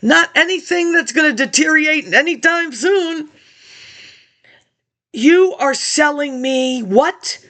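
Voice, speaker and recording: A woman's voice: sits high, animated, slow, fairly bright tone. A woman talking in a rambling monologue into a laptop webcam, jumping between topics and reading old documents aloud.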